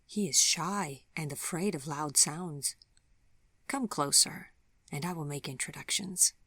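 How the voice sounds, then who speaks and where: A kindly man in a storybook who speaks softly and calmly, with formal phrasing and a low, hushed voice, as a woman narrator voices him. The voice is close and dry, with no room around it. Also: measured pace, husky, no room sound, exaggerated voice. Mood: gentle calm. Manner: quiet, calm, formal. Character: gentle, soft-spoken kindly man.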